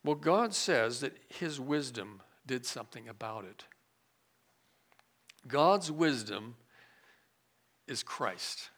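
Bright-voiced preaching man, loud then hushed. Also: mid-range voice, lively intonation, slow, long pauses. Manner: swings from loud emphasis to quiet asides. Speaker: pastor. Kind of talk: sermon.

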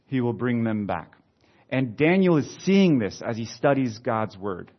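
A man preaching, reading scripture aloud slowly and then adding conversational comments. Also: mid-range voice, very animated. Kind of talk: expository Bible teaching. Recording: slightly dull lo-fi sound.

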